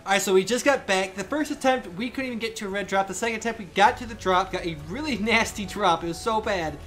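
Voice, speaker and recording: A young man giving excitable live commentary on a survival game he is playing, with frequent outbursts and laughs. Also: high voice, quick pace. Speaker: gaming channel host. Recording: faint game music behind.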